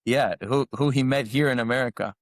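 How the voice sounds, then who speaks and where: Brisk and mid-range, a man co-hosting a podcast chats casually with no echo on the recording. His story rambles, full of fillers and false starts.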